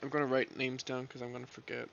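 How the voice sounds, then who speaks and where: A hoarse man from Canada, streaming while reading a visual novel aloud, casual, joking and swearing. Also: medium pitch, little pitch movement, quick pace, a bit bright, a little hiss or hum. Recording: dull lo-fi.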